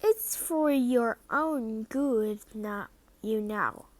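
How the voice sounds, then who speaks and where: A woman voicing a mischievous male poltergeist who taunts and cackles loudly. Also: fairly high pitch, very slow, no echo. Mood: smug. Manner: taunting, loud, shrieking cackle.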